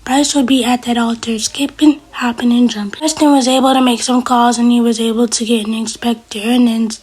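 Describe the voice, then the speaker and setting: A woman's voice: fairly high pitch, fairly even intonation, fairly quick, darkish tone, breathy edge. A woman casually recapping a TV episode as a reviewer, chatty and retelling what the characters said. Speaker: TV show reviewer.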